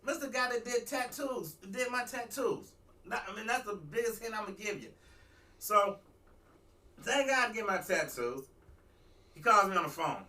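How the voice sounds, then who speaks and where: Bright-voiced man telling a story, distant mic. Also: sits high, moderate pace. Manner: rambling, animated, restarts and asides. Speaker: talk show host. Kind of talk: casual talk-radio storytelling monologue.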